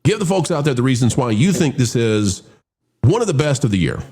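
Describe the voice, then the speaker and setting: A man's voice: mid-range voice, sing-song, fairly quick, dark tone, husky. A man hosting a casual movie review chat, opening with showman-style greetings and rambling with restarts. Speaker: host.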